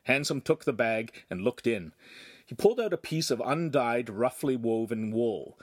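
A man narrating a young adult science fiction novel in measured, even storytelling. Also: mid-range voice. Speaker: audiobook reader. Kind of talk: scripted narration.

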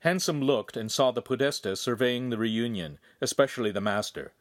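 A man reading a novel aloud in a measured, even storytelling manner. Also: medium pitch, dry recording, studio quality. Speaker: audiobook narrator. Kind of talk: scripted novel narration.

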